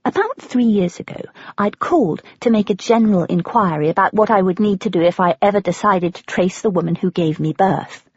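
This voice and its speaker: British woman narrator, first-person audiobook, husky edge, lo-fi dry recording. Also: mid-range voice, a little fast, no echo. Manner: expressive, with breathless, flustered quoted speech.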